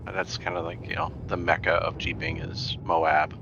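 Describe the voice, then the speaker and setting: A man's voice: deep voice, completely flat delivery, normal speed, noisy background. A man from Indiana chatting and telling stories while playing a game with a friend over voice chat. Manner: chatty storyteller, gravelly. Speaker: guest player. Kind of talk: casual gaming chat. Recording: dull lo-fi voice chat.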